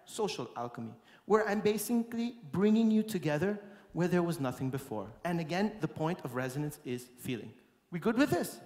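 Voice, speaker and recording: A man giving a lively, playful keynote talk to a live audience as a conference speaker and musician. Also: sits high. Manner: lively and playful, breaking into song and acting out quotes. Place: large conference hall, on stage. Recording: echoey hall with long reverb and faint music.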